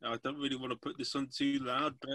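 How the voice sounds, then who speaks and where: A man's voice: mid-range voice, flat delivery, quick pace, sharp tone, a little hiss or hum. A man hosting a casual comedy podcast, setting up games and laughing often.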